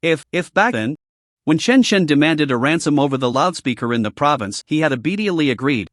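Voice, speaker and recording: A man reading a scripted story recap in a steady narrating voice. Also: on the high side, dry recording, clean studio sound.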